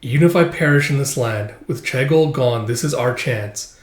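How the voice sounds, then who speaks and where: Male reader as a wounded young king; quiet, firm resolve, roomy echo. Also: mid-range voice, normal speed, close to an everyday voice. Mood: resolute.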